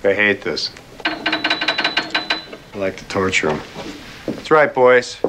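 A man's voice: lowish voice, animated, takes it slowly, heavy background noise, pitched below the performer's own voice. A man voicing a sardonic male ghost-hunting scientist, drawling in a dry, teasing way. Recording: echoey, distant, with loud music behind.

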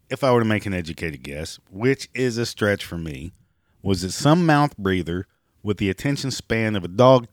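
A hoarse man with a raspy voice, giving sarcastic, profane commentary and mocking the people he talks about. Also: lowish voice, no room sound, clean studio sound. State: hoarse, clearing throat and coughing. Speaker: commentary vlogger. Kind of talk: ranting commentary.

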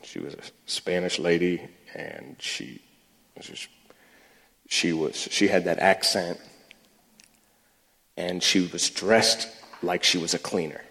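A man with a lowish voice speaks to a breakfast gathering as their pastor, telling stories in a loose way and often starting over mid-phrase. His voice rings out with a long reverb, as if heard in a large hall. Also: takes it slowly, vocal fry, pauses often, pushed and bright. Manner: storytelling, restarts and repeats words. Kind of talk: sermon-style talk.

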